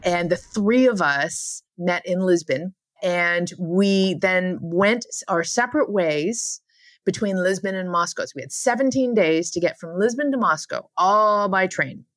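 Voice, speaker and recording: A woman's voice: on the low side, measured pace, dry recording. Woman telling a train trip story, emphatic, stretches words, dry sound. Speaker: podcast guest.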